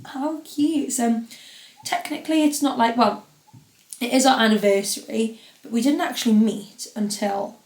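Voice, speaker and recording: A woman's voice: on the high side, moderate pace, darkish tone. A young woman hosting a podcast on her own, chatting casually and rambling with lots of fillers. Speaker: podcast host. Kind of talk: casual solo podcast chat. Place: home podcast studio. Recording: roomy echo.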